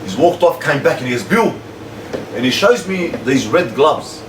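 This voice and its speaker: Telling a story to his livestream audience, a man chats casually in heavy slang, animated and repetitive. His pitch is fairly high and his speed normal. The sound is echoey, with a slightly distant mic and a faint hum.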